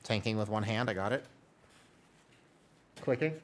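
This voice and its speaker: Speaking at an unhurried pace in a lowish voice, a streamer playing a tank gives live commentary on his game. He's chatty, explaining what he's doing and reading the chat, while allergies keep making him sneeze.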